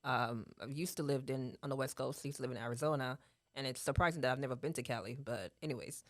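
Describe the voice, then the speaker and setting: Speaking quickly in a bass voice, a Jamaican-accented woman in her thirties from Jamaica chats casually as a guest. She's earnest, laughs often, goes over things more than once, and keeps asking "right?". The recording is dry and studio quality.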